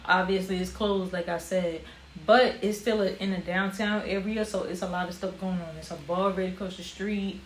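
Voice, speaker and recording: A young woman telling a personal story in a casual vlog, animated, with casual slang. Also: fairly low pitch, normal speed. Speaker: vlogger. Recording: roomy echo with faint ambient noise.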